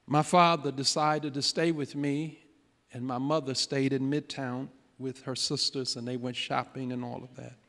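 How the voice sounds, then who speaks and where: A pastor telling a personal story in a sermon, dramatic, shifting between loud declarations and hushed moments. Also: male voice, medium pitch, level tone, moderate pace. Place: large church sanctuary. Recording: long church hall reverb.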